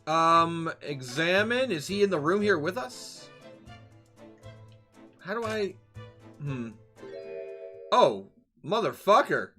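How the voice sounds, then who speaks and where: A man's voice: fairly high pitch, very animated, takes it slowly, long pauses, bright, forceful tone, soft background music. A man giving casual, joking commentary while playing a game, sometimes swearing. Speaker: let's play streamer.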